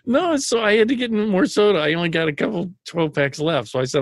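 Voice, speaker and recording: Show host, male, high and swooping voice, animated storyteller, dry studio sound. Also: fairly quick, vocal fry, no room sound. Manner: animated storytelling, laughs often. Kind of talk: casual comedic banter.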